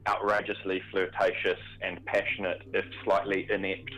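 Casting: lower-voiced male radio guest, animated, filler-heavy, lively storyteller. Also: normal speed, poor audio. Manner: animated, chatty with many fillers. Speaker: theatre performer. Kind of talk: interview guest.

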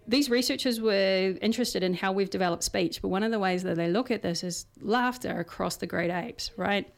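A woman co-hosting a casual science podcast, explaining research in a chatty way with everyday examples and frequent fillers. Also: medium pitch.

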